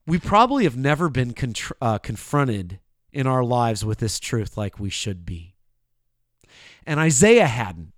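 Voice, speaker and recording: A man preaching a sermon, addressing the listener directly, moving between hushed asides and loud proclaimed lines. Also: a little high, dry recording, clean studio sound.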